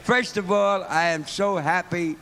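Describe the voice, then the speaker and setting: An older man shouting to a crowd at an outdoor rally, rowdy and gravelly. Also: sits high, steady tone, unhurried. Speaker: rally speaker. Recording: outdoor rally recording with noise.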